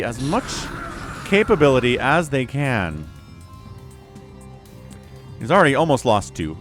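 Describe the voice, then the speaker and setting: Male game shoutcaster, casual and chatty, lively up-and-down delivery, soft music underneath. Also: medium pitch. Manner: casual, chatty, talks to viewers. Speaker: StarCraft shoutcaster. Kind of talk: solo game commentary.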